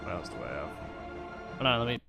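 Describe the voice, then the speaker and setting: A man talking casually on a live stream, halting often with fillers and restarts. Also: deep voice, big pitch swings, gravelly. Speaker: live streamer ranking games. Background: background music.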